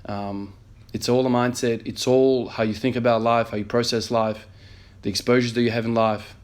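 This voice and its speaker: A man's voice: medium pitch, little pitch movement, normal speed, clear, resonant tone. A man in his thirties, an emergency nurse, earnestly telling a story in a motivational vlog with many fillers. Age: 30s.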